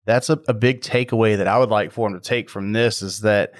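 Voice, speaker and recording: A man's voice: fairly low pitch, fairly even intonation, a little fast, no echo, studio quality. A man hosting a podcast interview, chatty and enthusiastic as he talks about marketing. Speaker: podcast host.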